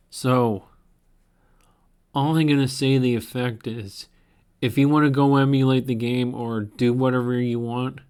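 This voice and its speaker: Slow, tired man ranting with profanity. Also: mid-range voice, darkish tone, smooth, dry recording, studio quality. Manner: profane, frustrated, halting with restarts. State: tired from lack of sleep. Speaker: gaming channel host. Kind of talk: casual ranting monologue.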